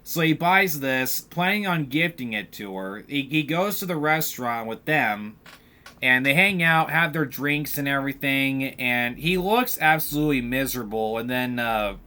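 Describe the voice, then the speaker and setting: A man's voice: mid-range voice, normal speed. A man hosting a podcast, retelling a film's plot in a casual, rambling way with lots of fillers. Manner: rambling, filler-heavy storytelling, animated retelling of scenes. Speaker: podcast host. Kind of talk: casual film recap.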